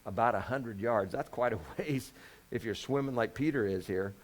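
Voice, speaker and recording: A man's voice: medium pitch, moderate pace. Folksy joking man preaching a sermon. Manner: folksy, joking, full of rhetorical questions. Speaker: pastor. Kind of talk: conversational sermon.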